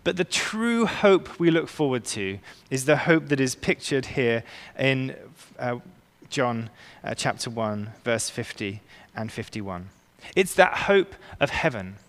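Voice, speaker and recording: A man preaching a sermon as pastor, earnest and emphatic, slowing down to stress key words. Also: medium pitch, sing-song. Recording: long reverb of a large hall.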